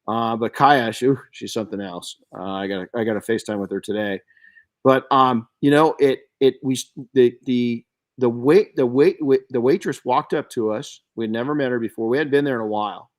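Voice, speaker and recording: A middle-aged man hosting a podcast, chatting casually and telling stories in an animated way, often restarting his sentences. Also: mid-range voice, fairly quick. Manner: storytelling, animated, frequent restarts and self-corrections. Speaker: podcast host.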